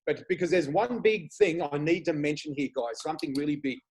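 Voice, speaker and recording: A man with an Australian accent, a guest chatting casually, telling lively stories and laughing often. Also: a little high, brisk, breathy edge. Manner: animated storyteller, laughs often, swears casually. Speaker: guest, flower reader. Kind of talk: casual chat.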